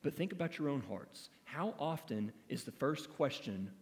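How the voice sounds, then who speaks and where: A man's voice: mid-range voice, lively intonation, moderate pace, big-room sound. A man preaching an expository sermon in an earnest, emphatic teaching manner, asking his listeners rhetorical questions. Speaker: pastor.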